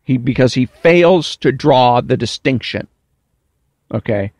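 A man delivering a political commentary monologue, deliberate and emphatic, slowing to stress key words. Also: mid-range voice, lively intonation, a little mellow, no echo. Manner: deliberate, emphatic, drawn-out stresses, mocking whiny impressions.

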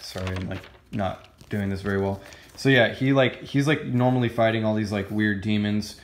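A man's voice: fairly low pitch, moderate pace, roomy sound. A man casually reviewing a comic book, rambling and gushing with many fillers and restarts. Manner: excited, gushing.

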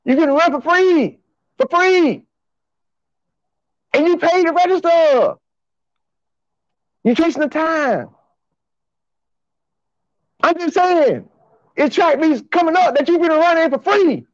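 Excited guy with a high voice hyping his fans, slangy and loud, dry dull phone sound. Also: takes it slowly, long pauses, no echo. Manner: hyped, hollering, slangy and repetitive. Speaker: host of a track and field show. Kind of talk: excited livestream talk to fans.

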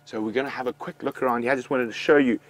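A man's voice: medium pitch, steady tone, very fast. Eager male safari tracker. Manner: eager, explains tracks as he goes. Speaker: safari guide tracking animals. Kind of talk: live wildlife commentary. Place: outdoors in the bush.

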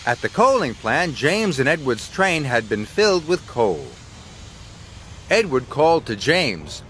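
A man reading scripted storybook narration for a children's cartoon, slow and expressive. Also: mid-range voice, slight background noise.

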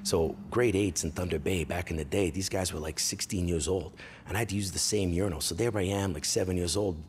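A Canadian man in his forties tells crude comic stories from his childhood with a low, deep voice. He gets animated and breaks into loud bursts and impressions. A faint hum of room noise sits under him. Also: brisk. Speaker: comedian host. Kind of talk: comedic storytelling monologue.

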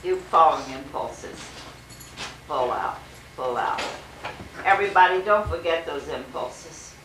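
An acting teacher giving relaxed, encouraging notes after a scene in class. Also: medium pitch, unhurried. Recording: distant and roomy with noise.

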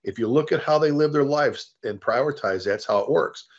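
A man's voice: medium pitch, normal speed. A middle-aged man, a fire service leader, telling stories in an interview, acting out quoted dialogue and restarting his sentences often. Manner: animated storyteller, acts out quoted dialogue, frequent restarts. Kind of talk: conversational storytelling. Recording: dull lo-fi interview audio.

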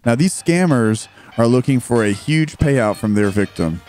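A man's voice: mid-range voice, expressive, moderate pace, a little mellow. A man narrating his own video in an explanatory, slightly wry way. His voice sits in an ordinary middle range. Faint music plays underneath. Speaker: host.

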